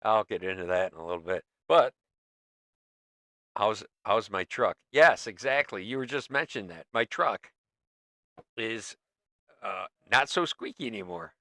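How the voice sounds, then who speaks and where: A man's voice: on the low side, animated, measured pace, long pauses, pushed and bright, no room sound. Guy hosting a livestream, rambly and chatty, dry close sound. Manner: rambling, chatty, talks to viewers in the chat. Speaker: livestream host. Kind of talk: casual livestream chat.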